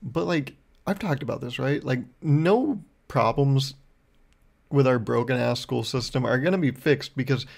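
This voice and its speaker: A man's voice: mid-range voice, a little slow, creaky, darkish tone. A young man hosting his own podcast, telling a rambling, profane story in a casual monologue. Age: young adult. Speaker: podcast host.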